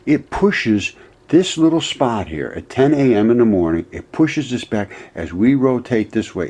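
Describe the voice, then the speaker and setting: A man with a fairly low, husky voice talks through his own theories to his channel. He rambles and restarts mid-thought, sliding from low muttering into heated, aggrieved bursts. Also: warm tone. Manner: emphatic and aggrieved, swings between low mutters and heated outbursts; speculative, free-associating, restarts mid-thought. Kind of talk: rambling screen-share monologue.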